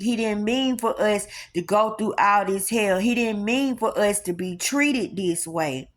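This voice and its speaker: A woman giving an informal spiritual teaching in an emphatic, colloquial, preacher-like way with lots of repetition. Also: medium pitch.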